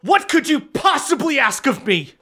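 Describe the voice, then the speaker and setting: A man voices a muddy, furious, disgraced noblewoman who shrieks indignantly, producing a woman's voice pitched above his own. The exaggerated performance is high, very animated and fairly bright in tone, delivered at a moderate pace.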